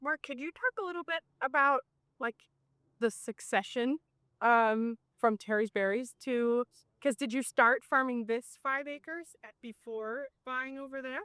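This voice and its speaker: A woman on a group farm tour hesitantly asking the farmer a question. Her voice sits high and bright, with a smooth, clean tone. There is no room echo. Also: measured pace, clean studio sound.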